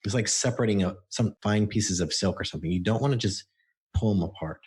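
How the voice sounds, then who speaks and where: A man with a very low, deep voice speaks as a podcast guest. He explains his work through anecdotes and often acts out what his clients said. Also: fast talker, a little mellow. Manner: explains with stories and acted-out quotes. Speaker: book coach guest. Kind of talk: podcast interview.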